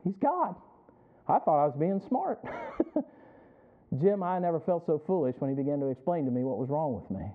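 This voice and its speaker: A male pastor preaching a sermon as a personal story, calling on listeners by name and building to loud emphatic peaks. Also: a little high, very animated, moderate pace, long pauses. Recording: tinny phone-like audio.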